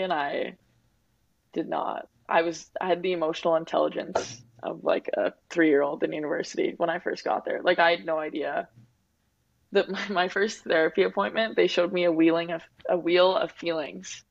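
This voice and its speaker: In a candid interview, a guest athlete in her twenties from Winnipeg, Canada, speaks with a lowish, gravelly voice in a steady tone at a moderate pace. She's reflective and open, using "like" and "um" a lot, and the dull, dry lo-fi recording has no room sound.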